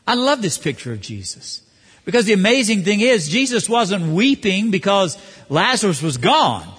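Animated male preacher in a reverberant hall. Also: fairly high pitch, breathy edge. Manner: animated, acts out quoted voices. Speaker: pastor. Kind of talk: sermon.

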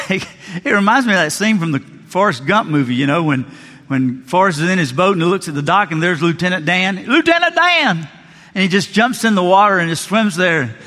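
A man's voice: high voice, brisk, bright, forceful tone, in a large hall. A male pastor preaching a sermon in a church, telling Bible stories earnestly and acting out the quotes. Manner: earnest storytelling, acts out biblical quotes.

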